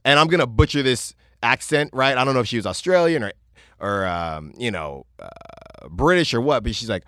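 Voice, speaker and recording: This podcast host is a young man with a mid-range voice who talks at a normal speed. He retells a vacation trip with lively energy, wandering off course and constantly restarting or filling gaps. The studio-quality audio has no echo.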